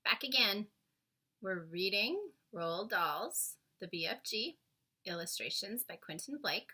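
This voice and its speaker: A woman reading a children's book aloud with expressive storytelling. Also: lowish voice, breathy edge.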